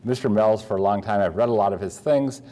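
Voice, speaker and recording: Older man rambling through anecdotes, low mellow voice. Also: quick pace. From Pennsylvania. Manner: rambling, warm anecdotes with many fillers and restarts. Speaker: coin dealer and author. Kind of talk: storytelling talk.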